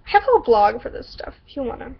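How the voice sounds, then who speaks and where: A woman's voice: high-pitched, sing-song, racing, gravelly, dull audio. A woman from the Southern US vlogging and reading her own story aloud, chatty and giggly, often interrupting herself. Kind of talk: casual vlog and story reading.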